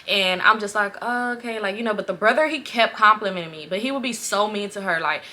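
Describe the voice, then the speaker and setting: A young woman from Los Angeles, telling a casual storytime vlog story in an animated, profane way, laughing often. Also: mid-range voice, quick pace. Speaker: vlogger.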